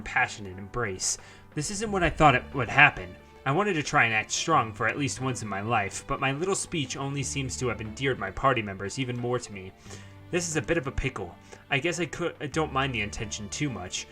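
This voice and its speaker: A man's voice: medium pitch, pushed and bright. A young man reading a visual novel aloud as narration, with casual asides and fillers between passages. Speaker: visual novel let's-player.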